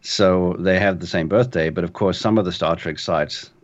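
Very low-voiced male co-host, lo-fi sound. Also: moderate pace. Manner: hesitant, stumbles over fillers. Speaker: podcast co-host. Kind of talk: casual chat. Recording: dull lo-fi mic.

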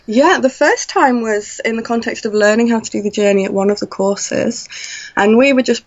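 A woman telling a personal story in an animated way, acting out her own past thoughts. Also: a little high, moderate pace. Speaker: guest. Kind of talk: conversational storytelling. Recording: slightly dull lo-fi audio.

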